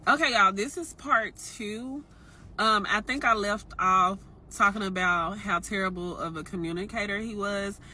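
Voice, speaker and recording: A woman's voice: mid-range voice, moderate pace, pushed and bright, slight background noise. A young woman telling a personal dating story to her viewers in a casual, frank, chatty way. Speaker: storytime vlogger.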